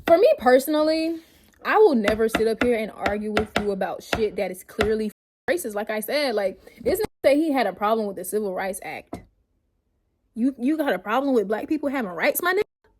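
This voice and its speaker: A woman's voice: medium pitch, a little mellow, slight background noise. A woman vlogger reading her own notes aloud in a casual rant, blunt and profane, often breaking into laughter.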